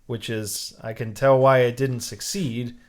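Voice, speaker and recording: A man's voice: mid-range voice, a little slow. A man co-hosting a casual movie review podcast, telling the plot with animation and frequent restarts and fillers. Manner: animated storyteller, lots of "like" and restarts. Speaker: podcast co-host.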